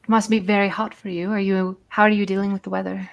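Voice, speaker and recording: A woman's voice: mid-range voice, flat delivery, fast, vocal fry, muffled recording, lightly acted. A woman voicing a gracious female jungle guide, speaking formally in a put-on British accent. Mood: courteous. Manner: courteous, formal phrasing.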